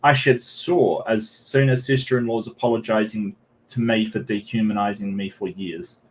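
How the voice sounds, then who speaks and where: An Australian man hosts a live stream, reading posts aloud and chatting with viewers in a rambling style full of ums and restarts. His voice is fairly low, steady in tone, and moderately paced, typical of casual live-stream commentary.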